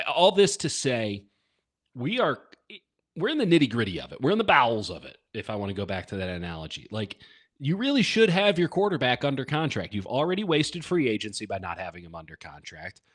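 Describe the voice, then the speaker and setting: Guy cohosting a football podcast, dry self-mocking jokes, middle pitch, rambling chat. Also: big pitch swings, fairly quick, fairly bright tone. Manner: wry, self-deprecating, jokey asides. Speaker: podcast co-host. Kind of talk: casual sports podcast chat.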